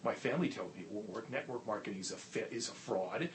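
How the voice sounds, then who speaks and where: A man hosting his own video show, telling a story in a folksy, animated way and giving earnest motivational advice, recorded on a tablet's built-in mic. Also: fairly low pitch, fast, a little hiss or hum. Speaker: network marketing trainer and show host. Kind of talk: casual to-camera video talk and storytelling.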